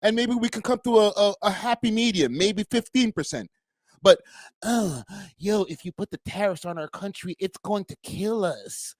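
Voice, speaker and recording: A man's voice: high voice, lively intonation, moderate pace, dry recording. A man doing a mocking, whiny impression of a timid male prime minister pleading about tariffs.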